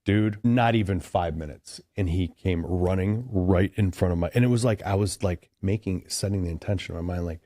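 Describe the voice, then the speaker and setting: This Chicago podcast guest has a deep, mellow voice and talks briskly with few pauses. Telling a long story casually, he wanders all over the place and says "like" and "dude" constantly. Clean studio audio, with no room sound at all.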